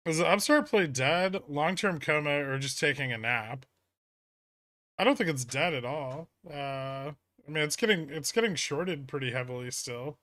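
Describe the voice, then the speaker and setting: A man's voice: fairly high pitch, normal speed, bright, forceful tone, no echo. A man hosting a casual trading livestream, reading chat questions and answering with dry, sarcastic humor. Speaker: livestream host.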